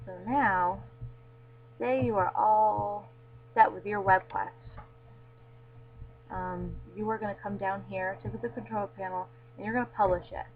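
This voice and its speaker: A woman walking through a web tool in a casual screencast tutorial, filling pauses with frequent ums. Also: medium pitch, fairly even intonation. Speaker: tutorial presenter. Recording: tinny lo-fi mic with faint hum.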